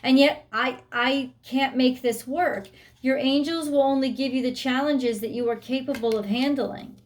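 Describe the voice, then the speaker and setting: A woman's voice: high voice, fairly even intonation, moderate pace. A woman giving a weekly tarot reading, speaking bluntly and emphatically, swearing freely and voicing the listener's thoughts. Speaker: tarot reader.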